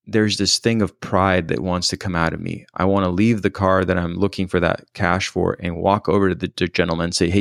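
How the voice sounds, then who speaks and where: A storyteller shares something that happened to him, his very deep voice thick with gravelly fry. He hesitates often, stopping and restarting as he thinks it through, and the recording is close and dry without any echo.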